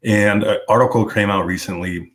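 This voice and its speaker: A man co-hosting a casual sports podcast, laid-back and quick to laugh. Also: lowish voice, steady tone, fairly bright tone, a little hiss or hum. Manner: laid-back, laughs often, talks in restarts. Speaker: podcast co-host. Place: studio, live stream.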